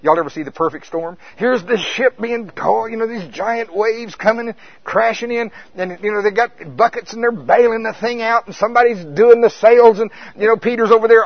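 A male preacher, preaching an animated sermon and laughing often. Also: high voice, a little fast, hardly any pauses, dry recording, low-quality recording.

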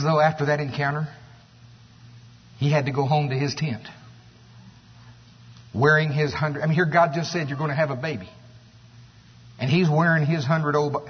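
A man preaching a sermon, animated and storytelling, with exclamations and asides. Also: a little high, husky. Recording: echoey hall, dull sound.

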